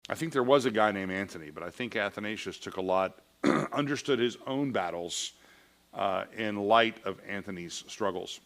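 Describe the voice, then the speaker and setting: A man's voice: on the low side, lively intonation, moderate pace, fairly bright tone. A man teaching a Sunday School class in a church, reading passages aloud and explaining them in a conversational way, often asking "all right?".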